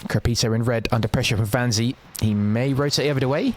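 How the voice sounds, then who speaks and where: A man giving quick, excitable live play-by-play as a game shoutcaster, with casual asides to his viewers. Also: mid-range voice. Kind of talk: live esports commentary.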